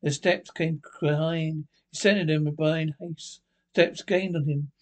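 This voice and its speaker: Man reading a ghost story haltingly. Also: on the high side, steady tone. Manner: halting reading with misreads and restarts. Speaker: narrator.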